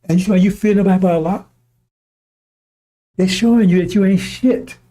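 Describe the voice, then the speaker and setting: A man with a high voice and a mellow, dark tone delivers a fiery broadcast sermon. He mocks and scorns his listeners, chuckling as he goes and hammering on repeated phrases. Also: fairly even intonation, moderate pace. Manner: mocking, scornful, breaks into laughter, repeats phrases. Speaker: preacher. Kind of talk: impassioned religious broadcast sermon.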